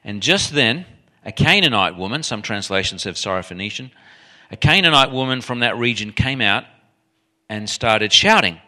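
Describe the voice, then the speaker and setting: A man preaching a sermon in an animated, emphatic way, often restarting his sentences. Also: mid-range voice, moderate pace.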